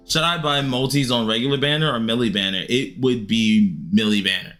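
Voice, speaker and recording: A man streaming a game live, chatting casually with viewers and grumbling loudly at the game in an excitable way. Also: mid-range voice, fairly quick, few pauses, soft background music. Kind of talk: live-stream gameplay commentary answering chat.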